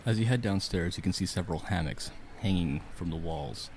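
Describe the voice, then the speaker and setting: A man's voice: low-pitched, fairly quick, a little mellow, a little hiss or hum. A man narrating a tabletop game as game master in a dramatic storytelling manner.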